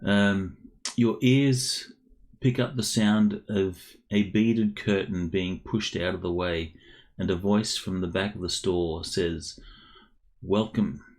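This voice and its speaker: Deep-voiced guy running a tabletop game, slow, lots of uh's. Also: steady tone, darkish tone. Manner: unhurried, descriptive, hesitant with fillers. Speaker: game master.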